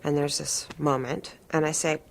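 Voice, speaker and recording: A woman with a low, gravelly voice talks to camera at a moderate pace as an interviewee. She animatedly retells a personal story, speeding up and rising sharply as she recounts the conflict.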